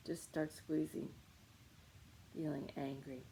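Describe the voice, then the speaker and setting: A woman's voice: low voice, flat delivery, slow pace, vocal fry, warm tone, slight background noise, poor audio. A woman leading a guided meditation on anger, coaching listeners with short repeated commands.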